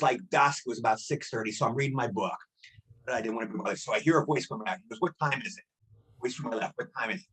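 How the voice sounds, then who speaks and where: A man being interviewed as a guest actor, telling stories in a fast, excitable way and acting out the quotes. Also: medium pitch, breathy edge, low-quality recording. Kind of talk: animated storytelling.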